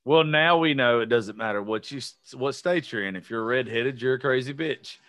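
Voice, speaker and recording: A man's voice: medium pitch, moderate pace, a bit bright, no room sound, clean studio sound. A man hosting a podcast, reacting to his guest with crude, joking banter. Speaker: podcast host. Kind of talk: casual chat.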